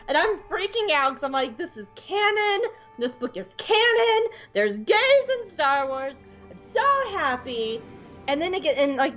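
Excitable high-voiced woman telling a story. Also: highs cut off. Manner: excitable, gushing, breaks into squeals. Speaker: podcast co-host. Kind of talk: casual storytelling chat.

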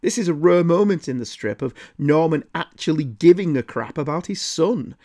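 A man's voice: fairly high pitch, expressive, moderate pace, mellow. Sardonic man narrating a comic review. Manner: dry, sarcastic asides.

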